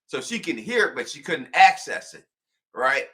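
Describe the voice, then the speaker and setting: A man co-hosting a casual TV recap podcast, acting out characters in loud, animated bursts. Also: medium pitch, normal speed. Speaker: podcast co-host.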